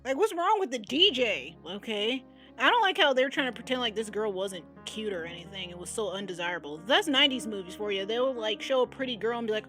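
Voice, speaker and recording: Animated young woman reacting casually. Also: fairly high pitch, fairly quick, soft background music. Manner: animated, exclamatory, chatty. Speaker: vlogger.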